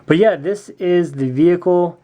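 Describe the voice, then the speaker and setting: A man's voice: high-pitched, a little slow, dark tone. A man casually reviewing a custom toy build, speaking with enthusiasm and often repeating his words of praise. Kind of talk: casual product review video.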